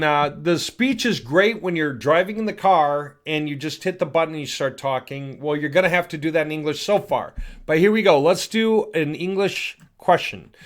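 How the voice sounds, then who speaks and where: A man hosting a casual software demo, chatty and thinking aloud as he clicks through. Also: a little high. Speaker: host demonstrating software. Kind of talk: casual screen-recorded product demo.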